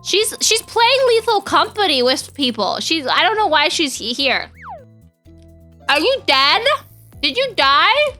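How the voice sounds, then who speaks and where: A woman's voice: high voice, sing-song, a little slow, bright, forceful tone, soft background music. A young woman, chatting casually with her viewers on a live stream, bubbly and chatty as she greets people and reads chat. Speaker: VTuber streamer.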